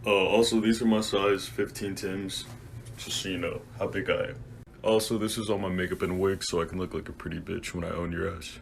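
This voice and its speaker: A man talking to camera at home in a sarcastic, deadpan bragging way. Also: low-pitched, brisk, creaky, slight background noise. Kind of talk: casual social media video.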